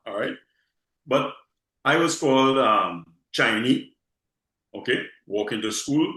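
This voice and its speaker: A man's voice: mid-range voice, normal speed, sharp tone, roomy sound, rough recording. A man from Trinidad with a Trinidadian accent, chatting casually as a guest, often repeating words and tagging lines with "okay?". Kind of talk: casual conversation.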